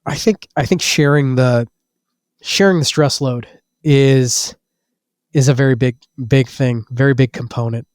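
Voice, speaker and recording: A man's voice: mid-range voice, darkish tone, no room sound, studio quality. A man with a cold and a nasal voice, answering interview questions casually, repeating words as he goes. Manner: halting, repeats words, many fillers. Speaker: guest, business owner.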